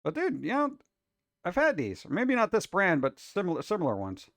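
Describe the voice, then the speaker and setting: Pria animasi yang jengkel dan suka bercanda. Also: male voice, sits high, moderate pace, dry recording. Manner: exasperated, wisecracking, animated. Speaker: show host reacting to food videos. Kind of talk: casual reaction commentary.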